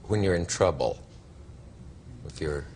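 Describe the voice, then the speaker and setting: A man's voice: sits low, expressive, measured pace, darkish tone, breathy edge. A man hosting a talk show, asking questions in a wry, teasing way.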